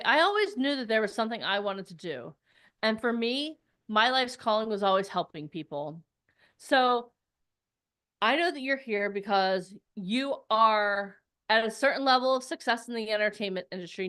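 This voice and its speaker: A woman hosting a live virtual event as its publicist, energetic and talking straight to viewers with repeated calls to comment and join. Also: a little high. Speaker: host and publicist.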